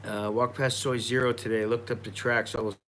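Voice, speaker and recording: An American man chats loosely on a live stream while drinking tequila, rambling, swearing, and restarting his sentences a lot. His medium-pitched voice is fairly bright and level, fairly quick, with slight background noise.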